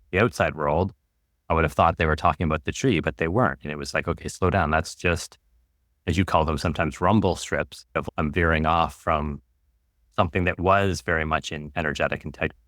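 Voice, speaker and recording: A man who is an author and guest, speaking in a calm, musing way and dwelling on words and ideas. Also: low-pitched, no echo, studio quality. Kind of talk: reflective conversation.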